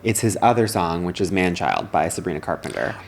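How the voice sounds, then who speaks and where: A man's voice: low-pitched, animated, brisk, creaky, a little hiss or hum. A young man with a Chicago accent, co-hosting a podcast in rambling casual chat that trails off at phrase ends. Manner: chatty, rambling, drops to a mumble at phrase ends. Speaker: podcast co-host.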